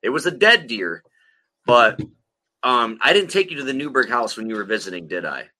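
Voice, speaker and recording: A man's voice: medium pitch, sing-song, moderate pace, pushed and bright. A man co-hosting a podcast, telling a long rambling story full of profanity in casual chat. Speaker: podcast co-host.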